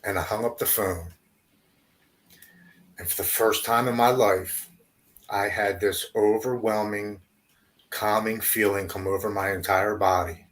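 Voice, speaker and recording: A man, a podcast guest, telling his recovery story haltingly, repeating words and going quiet at hard moments. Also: on the low side, steady tone.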